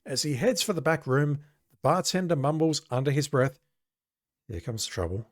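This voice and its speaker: A man's voice: on the high side, normal speed, no echo, clean studio sound. A man casually playing an old adventure game, reading its text aloud and making wry, sarcastic asides. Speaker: let's play gamer.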